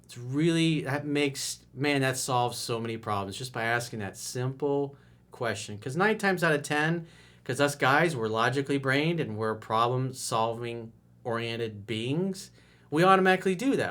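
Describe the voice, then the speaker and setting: A dating coach talks casually but emphatically in a coaching video, his voice often leaping up in pitch and loudness. He is expressive and speaks at a moderate pace.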